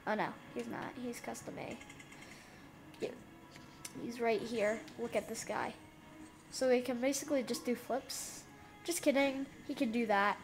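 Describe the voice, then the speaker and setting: A woman giving casual gameplay commentary, giggling, getting excited and talking to the characters on screen. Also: fairly high pitch, unhurried, pauses often, music in the background. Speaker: let's play gamer.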